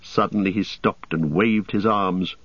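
A man reading a novel aloud in measured, dramatic scripted narration. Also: on the low side, a bit bright, breathy edge, no room sound. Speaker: audiobook narrator. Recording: dull, dry audiobook recording.

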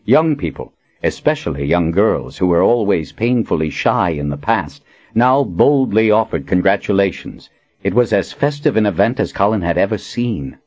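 A man narrating a fantasy novel in an expressive storytelling manner. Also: low-pitched, muffled recording. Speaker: audiobook narrator.

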